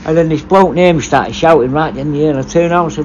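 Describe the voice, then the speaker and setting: A former prison officer talking bluntly in a casual, sweary monologue. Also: male voice, on the high side, fast, hardly any pauses, darkish tone, a little hiss or hum, rough recording.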